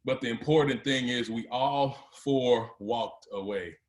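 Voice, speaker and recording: A man's voice: medium pitch, unhurried, echoey room. A man giving a motivational speech to a live audience, telling his story and building to emphatic, rising peaks. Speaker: motivational speaker.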